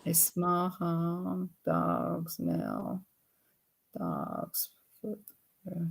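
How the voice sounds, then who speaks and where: A woman's voice: on the low side, sing-song, very slow, gravelly, husky. A woman hosting a casual live chat, rambling in an easygoing way and chuckling often. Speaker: live stream host.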